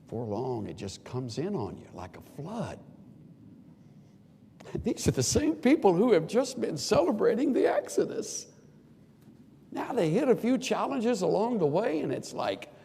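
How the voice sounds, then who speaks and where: An older man delivers a sermon with a gravelly, husky voice. He speaks earnestly and animatedly, sometimes acting out pleading quotes. A long reverb from a large hall trails after his words. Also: on the high side, wildly swooping pitch, moderate pace, mellow. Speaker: preacher.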